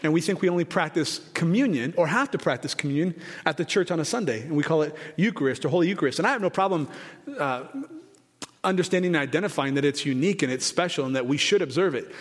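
High-voiced man preaching in a reverberant hall. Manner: conversational preaching with jokes and asides; rises in pitch and volume for emphasis. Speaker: pastor. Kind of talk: sermon. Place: church sanctuary.

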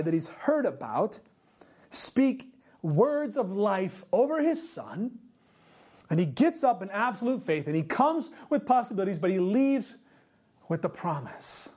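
A pastor preaching a sermon, emphatic, repeating rhetorical questions and slowing down for key points. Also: mid-range voice, sing-song, warm tone.

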